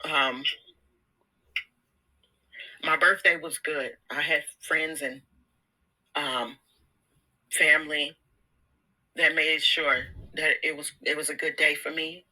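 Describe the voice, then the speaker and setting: A woman's voice: low voice, fairly even intonation, slow, long pauses, sharp tone, poor audio. A woman vlogging a casual motivational talk, candid and slangy, laughing often and repeating words. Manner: slangy, informal. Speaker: self-help vlogger.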